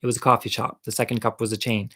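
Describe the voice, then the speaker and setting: A man's voice: mid-range voice, little pitch movement, rapid-fire, pushed and bright, slightly rough. A man telling a comic personal story in a casual monologue, campy and candid, with chatty, self-deprecating asides to the viewer.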